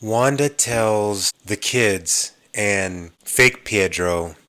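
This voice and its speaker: A man hosting a podcast, casually recapping TV episodes as an animated storyteller who mimics the characters' lines. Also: on the low side, drawn-out words. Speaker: podcast host.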